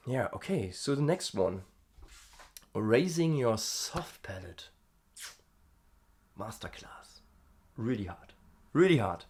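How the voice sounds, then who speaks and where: A man's voice: medium pitch, big pitch swings, slow pace, pauses often, darkish tone. A man hosting a casual vocal-practice diary, chatty and self-amused, thinking aloud with fillers. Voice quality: gravelly fry in the voice. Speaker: host.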